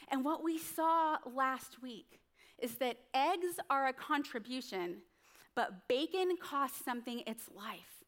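A woman pastor delivers a sermon in a high, bright-pitched voice. She speaks conversationally, telling stories and asking the congregation quick tag questions along the way. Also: animated.

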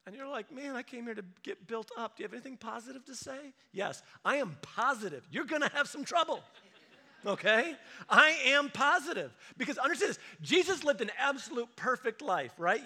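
A man preaching a sermon as a pastor, animated and acting out quoted voices for humor. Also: very high-pitched.

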